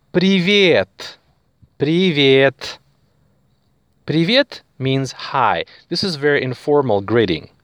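A man's voice: mid-range voice, dry recording. A man teaching a beginner language lesson, explaining patiently with many fillers and frequent check-ins with the listener.

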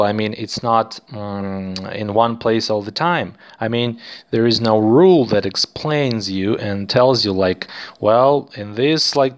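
A man's voice: lowish voice, gravelly, fairly bright tone. A young man, teaching a casual podcast language lesson in a chatty, encouraging way with many fillers.

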